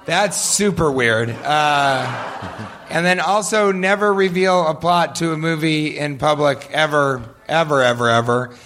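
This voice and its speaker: A man's voice: fairly high pitch, slow, fairly bright tone, slight background noise. A man answering audience questions in a loose, joking way, often laughing as he tells stories. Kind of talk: live audience Q&A storytelling.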